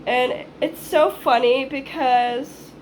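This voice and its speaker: A woman in her twenties talks straight to her viewers in a loose, rambling storytime. Her voice sits a little high, she swears freely and slips into acting out her own past lines. A faint hiss of background noise runs under the recording. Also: steady tone, slow. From Hawaii. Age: 20s. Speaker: vlogger. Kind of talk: casual storytime monologue.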